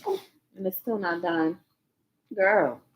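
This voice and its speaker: A woman's voice: fairly low pitch, extremely slow, a little hiss or hum, poor audio. A young woman vlogging her reactions to videos, tearful and worn out from crying, rambling and repeating herself in casual chat.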